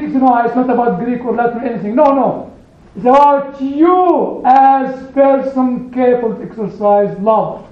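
Recorded as if by phone in an echoey room, a very high-voiced man teaches a small Bible study group through storytelling. He's lively and emphatic, stopping briefly to stress single words.

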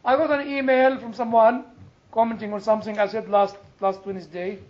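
A man, a chaplain, giving an earnest sermon and telling personal stories, leaning hard on some words and letting quieter phrases trail off. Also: sits high, flat delivery, fairly quick. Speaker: chaplain and preacher. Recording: dull lo-fi recording.

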